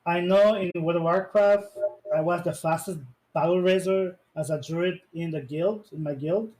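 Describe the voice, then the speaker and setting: Higher-voiced man, casual interview answers. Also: darkish tone, low-quality recording. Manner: rambling, searches for English words. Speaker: esports player being interviewed.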